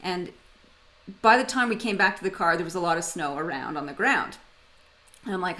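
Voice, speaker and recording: A woman's voice: fairly low pitch, lively intonation, brisk, pauses often, bright, forceful tone, low-quality recording. Woman leading a webinar. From Canada. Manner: conversational, tells personal stories with humor. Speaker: webinar facilitator. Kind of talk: webinar presentation.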